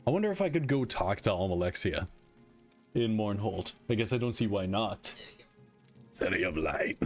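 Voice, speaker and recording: Low-voiced man laughing through gameplay. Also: animated, a little fast, soft background music. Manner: laughing, swearing, talking to the screen. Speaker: gamer playing a game for the first time. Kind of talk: casual gameplay commentary.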